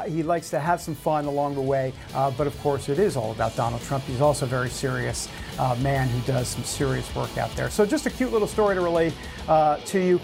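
A man's voice: a little high, creaky, a little mellow. Chatty New man hosting a talk show. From New York. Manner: chatty storytelling with many fillers and restarts. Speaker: host. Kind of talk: casual talk show monologue.

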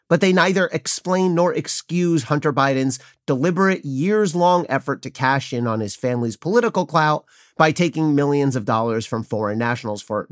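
Man, podcast host, scripted commentary, pointed, wry, animated intonation. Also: fairly high pitch, dry recording, studio quality.

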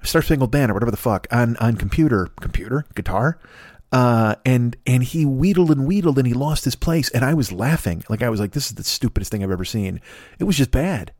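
Male podcast host, mid-pitched, loose rambling profane comic riffing, dry close-mic sound. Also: animated, fairly quick, a little mellow, dry recording. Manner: rambling, profane, laughing at his own jokes. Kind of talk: late-night solo comedy rant.

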